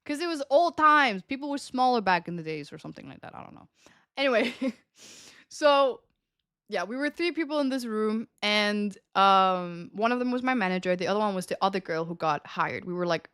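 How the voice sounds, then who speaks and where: A woman's voice: medium pitch, expressive, a little fast, fairly bright tone, clear, resonant tone. A young woman streams and chats, telling a story with frequent laughs and casual swearing. Her voice sits in an ordinary middle register. The sound is dry and close, with no room echo. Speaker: live streamer.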